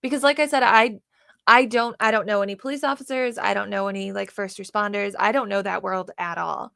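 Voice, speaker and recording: A woman as an interview guest in a casual conversation, agreeable, giggly and quick to affirm. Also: medium pitch, steady tone, gravelly, pushed and bright, clear, resonant tone, no echo, studio quality.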